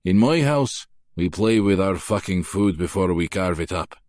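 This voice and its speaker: A man's voice: deep voice, expressive, moderate pace, a little mellow, dry recording, clean studio sound. A male narrator voicing a scornful, menacing Irish mob boss with an Irish brogue in an audiobook. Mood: mocking. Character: mocking brutal Irish mob boss, older man. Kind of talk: audiobook character voice.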